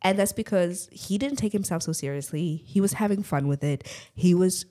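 Her fairly low voice keeps a normal speed as she, a young adult podcast co-host, spins a lively story on a casual show. She laughs a lot and acts out the lines she quotes.

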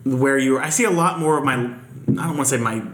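A man telling a story in casual chat, quick and profane. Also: medium pitch, echoey room, noisy background.

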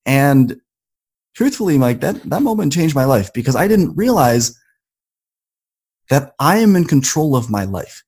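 A man's voice: on the high side, big pitch swings, moderate pace, darkish tone, breathy edge. A man, a podcast guest, telling a personal story and acting out his quoted inner talk with rising emphasis.

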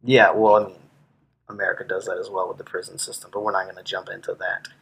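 A man's voice: low voice, level tone, fast talker, creaky, a bit bright, husky, low-quality recording. A man co-hosting a history podcast in casual chat, blunt and profane, with a sarcastic edge. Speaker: podcast co-host.

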